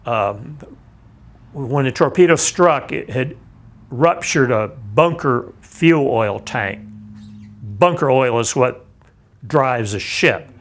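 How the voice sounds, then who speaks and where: An older man, a navy veteran, telling a vivid personal account in a measured, plain-spoken way. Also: mid-range voice, fairly bright tone. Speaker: navy veteran recounting his experience. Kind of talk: personal testimony.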